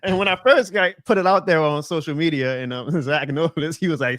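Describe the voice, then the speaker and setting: A man's voice: fast, hardly any pauses, a little hiss or hum. A young man with a thick New Orleans Southern accent, chatting as a podcast guest and telling stories animatedly. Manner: animated storyteller, lively pitch jumps. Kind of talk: casual chat on a video call.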